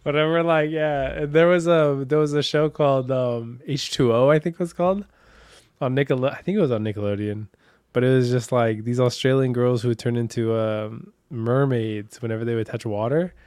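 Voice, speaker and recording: A man co-hosting a podcast in casual chat, telling stories in an animated way and joking. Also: mid-range voice, smooth, dry recording, studio quality. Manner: animated storyteller, quick to joke. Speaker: podcast co-host.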